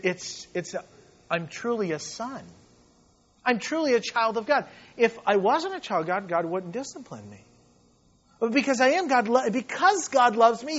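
A man preaching a sermon as pastor, impassioned, dropping to hushed tones and rising to loud emphasis. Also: fairly high pitch, breathy edge, highs cut off.

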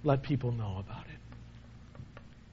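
A man preaching a sermon in a conversational way, often dropping to a soft, low voice for emphasis. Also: slow pace, dull audio, a little hiss or hum. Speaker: pastor.

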